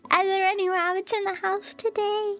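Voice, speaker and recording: A woman's voice: extremely high pitch, little pitch movement, moderate pace, fairly bright tone. A woman VTuber streamer in casual live-stream chat, giggly and gushing, often repeating herself.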